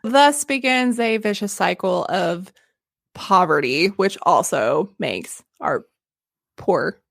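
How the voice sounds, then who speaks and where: A woman hosting a casual history podcast, telling the story in an animated, jokey way with laughs and swearing. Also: fairly low pitch, slow, creaky, no echo, clean studio sound. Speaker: podcast host.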